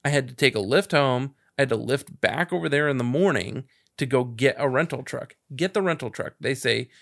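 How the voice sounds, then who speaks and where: A man's voice: mid-range voice, brisk, creaky, fairly bright tone. A man co-hosting a podcast in casual chat, retelling an anecdote and acting out both sides of the conversation. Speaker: podcast co-host.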